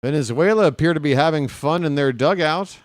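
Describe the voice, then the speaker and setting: A man's voice: on the high side, brisk, no room sound, studio quality. A man calling baseball play-by-play for his stream, with casual, self-deprecating asides to viewers.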